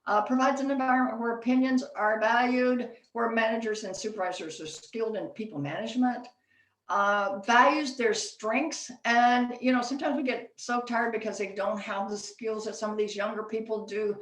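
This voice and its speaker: A woman's voice: on the high side, steady tone, moderate pace. Woman presenting, echoey and distant. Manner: conversational, storytelling with frequent fillers. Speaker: chapter meeting presenter. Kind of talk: workplace leadership presentation. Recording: echoey room, distant from mic.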